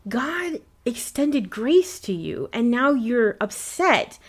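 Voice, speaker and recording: A woman co-hosting a casual Bible discussion podcast, retelling the story earnestly with lively asides. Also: fairly high pitch, slow. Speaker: podcast co-host.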